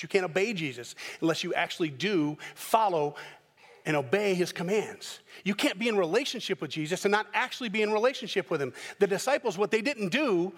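A man preaching a sermon as pastor, telling the story in a lively way and acting out the characters' voices. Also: on the high side, in a large hall.

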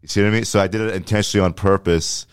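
A male comedian chatting on a podcast, talking in a halting way with many restarts. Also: on the low side, steady tone, smooth, no room sound, studio quality. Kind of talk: casual podcast chat.

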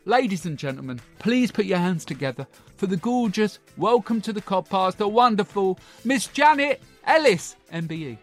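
Brief: man playing a loud, gushing hostess with a raised voice and faint music under her. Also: sits high, lively intonation, normal speed, few pauses. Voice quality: loud, chatty, swearing, theatrical. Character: brash, gossipy middle-aged Essex woman talk-show host. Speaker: podcast host. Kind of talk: comic character monologue.

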